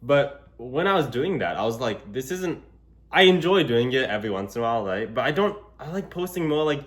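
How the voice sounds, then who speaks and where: A man's voice: mid-range voice, sing-song, fairly quick, fairly bright tone. A young man talking casually to a handheld camera while walking in public, rambling with lots of fillers. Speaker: vlogger. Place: outdoors in public. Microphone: gimbal camera held while walking.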